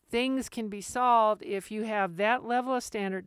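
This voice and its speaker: Woman training dogs, smooth dry voice. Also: a little high, no room sound. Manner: direct, practical, acts out quick asides. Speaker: podcast host and retriever dog trainer. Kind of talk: casual instructional podcast talk.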